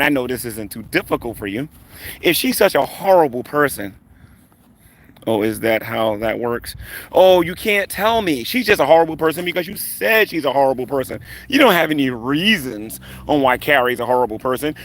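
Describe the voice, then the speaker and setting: A man's voice: mid-range voice, fairly bright tone. A man running a live stream, taunting rivals in a combative, rambling rant full of fillers. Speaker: online commentator on a live stream.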